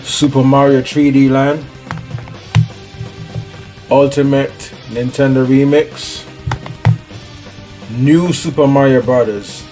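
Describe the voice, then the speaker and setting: A man's voice: medium pitch, steady tone, slow, long pauses, over music. A man with a Jamaican accent, chatting casually as host of his own gaming vlog in a laid-back, slangy way. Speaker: gaming YouTuber.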